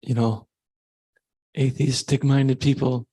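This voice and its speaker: A man's voice: medium pitch, little pitch movement, slow pace, dark tone, breathy edge, dry recording. A man in a devotional class giving an earnest, tentative reflection on scripture. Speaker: class participant.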